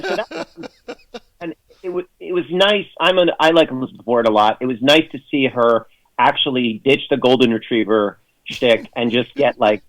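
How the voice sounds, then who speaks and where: The recording is rough, carrying a man's medium-pitched voice during a casual radio interview. As a guest, he rambles with plenty of fillers and restarts, tossing off sardonic jokes in mock voices.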